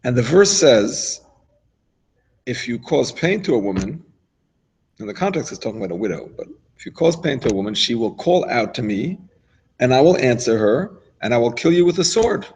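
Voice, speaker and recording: A man's voice: medium pitch, sing-song, moderate pace, darkish tone, husky, rough recording. A man giving an informal Torah lesson, talking it through conversationally with asides and restarts. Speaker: rabbi teaching a class.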